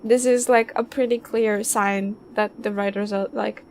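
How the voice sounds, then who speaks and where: A woman streaming a game, giving emotional, excitable let's play commentary. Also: medium pitch, a little slow, few pauses, slight background noise. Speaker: streamer and host.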